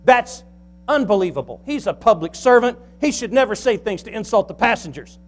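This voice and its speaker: A man telling a joke, voicing a sympathetic male bus commuter with a deadpan delivery. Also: high-pitched, fairly quick.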